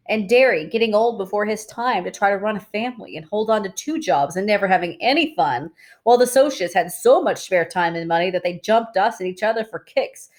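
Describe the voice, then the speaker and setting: A woman reading a novel aloud in steady, plain narration. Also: medium pitch. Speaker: reader.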